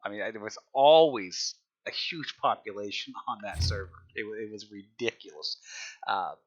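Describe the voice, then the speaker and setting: A man's voice: on the low side, normal speed, dull audio. A man chatting casually on a live game stream as a server admin, rambling, repeating himself and often laughing.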